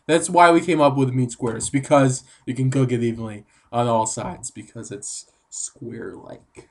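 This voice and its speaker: A woman giving an excitable comedic monologue, her pitch leaping up to shrieks and dropping to mutters. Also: moderate pace. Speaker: comedic vlogger.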